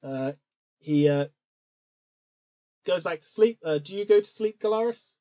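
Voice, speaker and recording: A game master narrating a tabletop game in an easygoing way, with many pauses and ums. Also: medium pitch, animated, warm tone. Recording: dull lo-fi recording.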